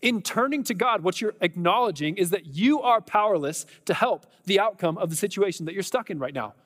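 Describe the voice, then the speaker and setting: A man's voice: sits high, animated, fairly quick, fairly bright tone, in a large hall. A man preaching a sermon in a conversational, emphatic way, with lots of rhetorical questions to the congregation. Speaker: pastor.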